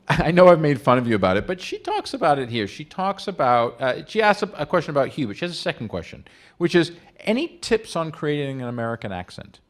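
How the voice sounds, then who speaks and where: A man hosts an interview, reading audience questions and needling his guest with playful jokes. His voice sits a little high and swings widely in lively intonation. He keeps an energetic, teasing pace. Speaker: interview host.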